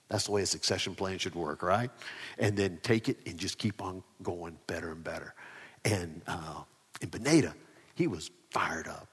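A man preaching a sermon, swinging between loud emphasis and quiet asides. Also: sits low, expressive, moderate pace, husky. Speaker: pastor. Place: church near ball fields and a parking lot. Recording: echoey church hall.

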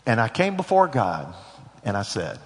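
A man's voice: lowish voice, wildly swooping pitch, normal speed. A middle-aged man preaching a sermon as pastor, folksy and conversational with joking asides. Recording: long hall reverb.

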